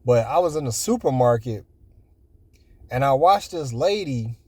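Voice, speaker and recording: A man's voice: medium pitch, expressive, unhurried, darkish tone, slightly rough, no room sound. A man in his forties telling everyday stories in a casual, rambling way, packed with "you know" fillers. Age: 40s. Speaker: vlogger. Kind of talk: casual storytelling.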